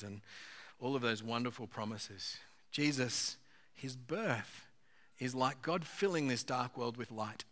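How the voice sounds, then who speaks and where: A man's voice: medium pitch, unhurried, a bit bright. A man, a pastor, giving an earnest, conversational sermon with occasional fillers.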